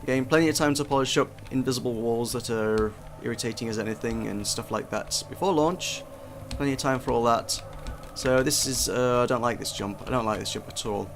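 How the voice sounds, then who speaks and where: A man's voice: medium pitch, a little fast, hardly any pauses, slight background noise. Chatty man giving gameplay commentary. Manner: chatty, self-deprecating, frequent restarts. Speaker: game reviewer.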